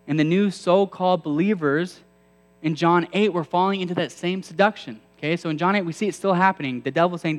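Conversational male preacher with a higher voice. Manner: conversational, questions the audience. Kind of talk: sermon. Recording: long hall reverb.

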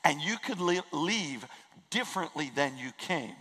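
A man preaching in a church, with an earnest, emphatic delivery that leans on repeated phrases. His voice sits a little high for a man and trails off into a long hall reverb. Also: animated, measured pace, sharp tone, husky. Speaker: pastor. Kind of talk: sermon. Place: church sanctuary.

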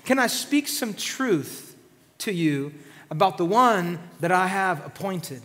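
A preacher playing God as a stern father scolding his quarreling children, with a halting, exasperated delivery. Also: high voice, animated, sharp tone, in a large hall, heavily acted.

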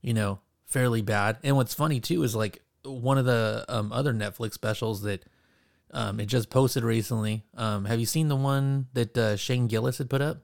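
A man's voice: medium pitch, fairly even intonation, moderate pace, vocal fry, no echo, studio quality. A man co-hosting a podcast, rambling in casual chat with lots of fillers, swearing and laughter. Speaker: podcast co-host.

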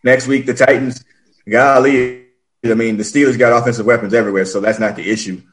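A man hosting a casual sports chat, rambling and animated, often acting out what players say. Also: mid-range voice, fairly quick, low-quality recording.

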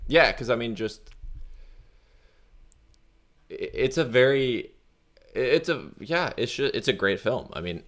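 An American man co-hosting a podcast, talking casually and haltingly, often restarting his sentences. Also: mid-range voice, expressive, a bit bright. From United States. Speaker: podcast co-host. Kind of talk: casual chat.

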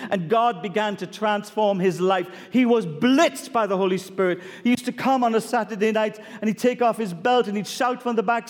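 A man's voice: high voice, long reverb tail. A middle-aged male pastor preaching a sermon, telling stories emphatically and challenging the congregation with rhetorical questions.

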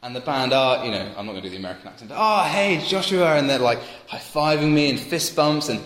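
A man's voice: mid-range voice, fast. A young man preaching a sermon, telling stories and building to emphatic points. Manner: storytelling, animated, builds to emphatic peaks. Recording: roomy church hall with long reverb.

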